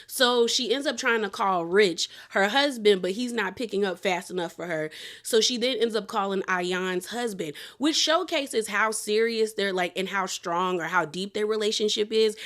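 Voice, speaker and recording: A woman giving a casual, chatty recap of a reality show, acting out what the cast said in slangy quotes. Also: medium pitch. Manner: chatty, animated quoting with slang.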